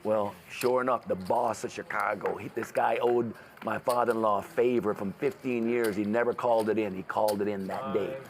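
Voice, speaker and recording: A man's voice: on the low side, steady tone, brisk, hardly any pauses. A man at a casino poker table telling a long story, acting out other people's voices and swearing freely. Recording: noisy casino crowd around the table.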